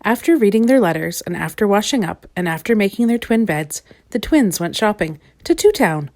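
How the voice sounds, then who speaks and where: A woman reading a children's storybook aloud in a gentle, expressive way. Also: mid-range voice, moderate pace.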